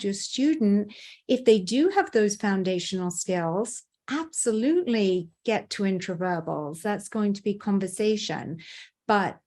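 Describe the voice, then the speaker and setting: A woman, a behavior analyst and interview guest, tells stories in a lively way with laughs between her words. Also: mid-range voice. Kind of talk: conversational interview.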